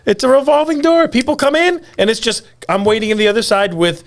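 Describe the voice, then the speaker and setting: An excited woman immigration attorney, as a man puts her on, her voice jumping high and shrill. She rambles breathlessly and stumbles over her words. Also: fast talker, creaky, heavily acted. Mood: gleeful.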